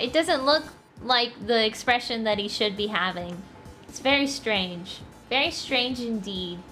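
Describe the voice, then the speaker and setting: A woman streamer chats through a comic in a playful, casual way, full of quick asides. Her voice is high and bright, and faint music plays behind her.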